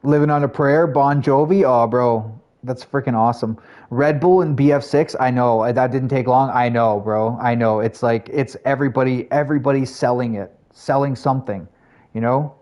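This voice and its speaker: A man's voice: medium pitch, moderate pace, darkish tone. A man streaming live, chatting casually with his viewers in a rambling way with lots of fillers. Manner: chatty, rambling, talks to chat, frequent fillers.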